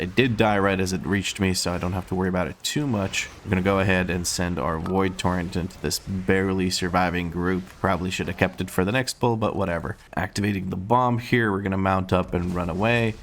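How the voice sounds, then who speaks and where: A man's voice: sits low, slight background noise. A man giving casual, sarcastic live commentary while playing a game, swearing and grumbling about his group. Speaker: streamer playing a dungeon run.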